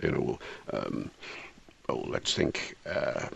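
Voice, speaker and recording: A man who wrote a book on proverbs, talking in a radio interview, chatty and laughing often, reciting proverbs slowly. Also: sits low, animated.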